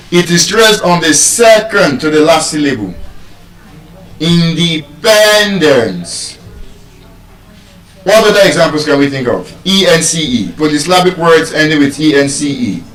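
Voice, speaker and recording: A man's voice: on the high side, fairly bright tone. A man with a Nigerian accent teaching pronunciation in a live lesson, stretching out and repeating example words. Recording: echoey room, far from mic.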